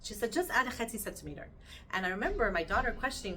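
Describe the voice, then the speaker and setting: Bright-voiced woman teaching Torah. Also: medium pitch, racing, a little hiss or hum. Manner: earnest and animated, weaving in Hebrew terms; speaks directly to listeners with questions. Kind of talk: weekly Torah portion talk.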